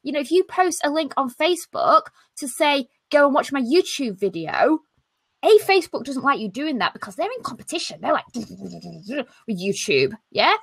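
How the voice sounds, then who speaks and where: Brash, lively British woman on a video call. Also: high voice, a little fast, no echo. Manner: brash, lively and jokey, with mild swearing. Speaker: live stream host. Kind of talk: casual live stream chat.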